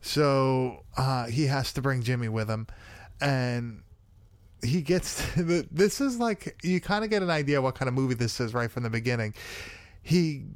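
A man's voice: medium pitch, dry recording. A man hosting a podcast, casually recapping a film in a rambling way, swearing and laughing often. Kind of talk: casual chat.

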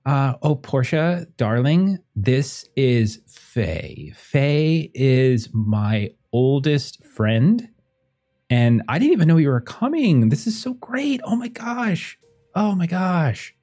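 A man plays a gushing young man, swooping high into a squeal of delight. Everything tumbles out in an effusive rush, with a dark, mellow warmth underneath. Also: very animated, slow pace, full character voice. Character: gushing young man overjoyed to see an old friend.

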